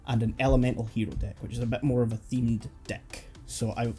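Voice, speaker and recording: A man's voice: mid-range voice, steady tone, a little fast, dark tone, faint music behind. A man hosting a podcast, patiently explaining game rules step by step with a casual tone. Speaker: host teaching the card game.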